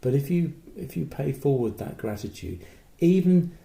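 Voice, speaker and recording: A man's voice: a little high, animated, moderate pace, gravelly, mellow. A man co-hosting a podcast, musing and rambling in casual chat, recorded in a roomy space. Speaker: podcast co-host.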